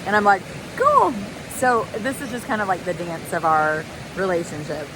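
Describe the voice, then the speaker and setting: Low-voiced and fairly quick, this thru-hiker vlogger tells the camera giggly stories about her hike. She's outside beside a waterfall and creek, with plenty of noise in the outdoor recording.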